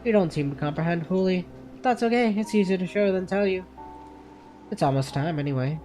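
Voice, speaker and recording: A game streamer voicing a solemn, mysterious hooded girl guide, read aloud from game dialogue in a soft, measured voice, with faint music behind. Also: medium pitch, pitched above the performer's own voice, close to an everyday voice. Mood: hushed mysterious.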